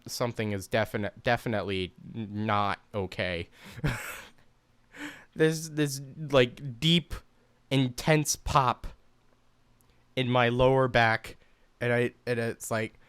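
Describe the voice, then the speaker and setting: A man's voice: medium pitch, fairly bright tone, clear, resonant tone, no room sound. A young man telling a personal story in a loose, rambling way, full of swearing, fillers and restarts. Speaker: commentary YouTuber. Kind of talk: casual storytelling.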